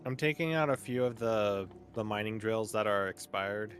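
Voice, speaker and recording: A man's voice: fairly low pitch, normal speed, fairly bright tone, soft background music. A man playing a co-op game as a guest, chatting in a hesitant, focused, slightly unsure way. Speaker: guest co-op player. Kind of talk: casual co-op gameplay chat.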